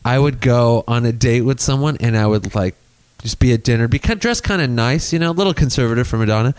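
A man's voice: medium pitch, fast, a little mellow, smooth, no room sound. A man co-hosting a comedy podcast, riffing in casual chat, swearing freely and acting out bits. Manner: riffing, profane, acts out bits. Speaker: podcast co-host.

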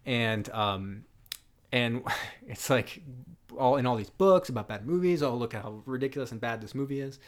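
A man co-hosting a casual movie podcast, rambling and animated, laughing often as he talks. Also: medium pitch, moderate pace. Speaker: podcast co-host. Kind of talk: casual chat about bad movies.

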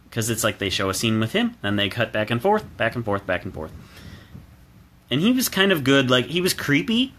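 A man's voice: mid-range voice, bright, forceful tone. A man giving a casual, opinionated solo film review, chatty with restarts and fillers, recorded alone at home.

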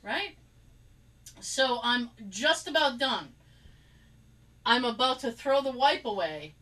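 A woman telling a story in casual chat, animated and laughing, acting out quotes as she rants. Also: a little high, takes it slowly, poor audio. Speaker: co-host.

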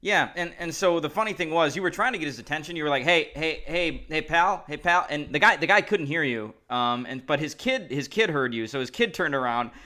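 A man's voice: fairly high pitch, animated, quick pace, few pauses, bright, forceful tone. A man co-hosting a podcast in casual chat, retelling stories and recapping plays. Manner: recaps game plays matter-of-factly. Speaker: podcast co-host.

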